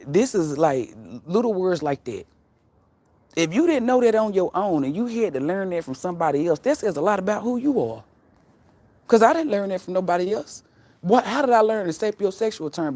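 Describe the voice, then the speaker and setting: A woman's voice: lowish voice, a little mellow, no room sound. A woman hosting a casual livestream, talking bluntly and profanely and laughing often as she tells stories. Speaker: livestream host.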